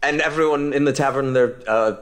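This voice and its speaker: A man's voice: medium pitch, fairly quick. A man playing the hero in a tabletop game over a remote call. He is earnest and rambling, often repeating a word a few times before getting going. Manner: earnest, rambling, repeats words when starting. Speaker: player voicing the Doctor. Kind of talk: tabletop role-play, recorded remotely.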